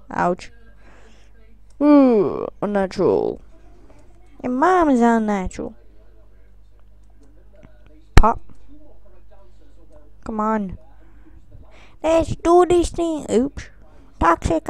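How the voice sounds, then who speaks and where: Woman, let's play commentary, high voice, unhurried, goofy and crude, yelps at mishaps, dry close sound. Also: vocal fry, darkish tone, dry recording. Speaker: gameplay commentator.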